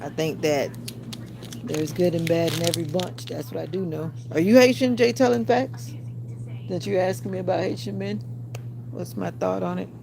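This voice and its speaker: A woman's voice: fairly low pitch, flat delivery, normal speed, gravelly, noisy background. A woman hosting a casual livestream, chatting and answering viewer comments aloud. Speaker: livestream host.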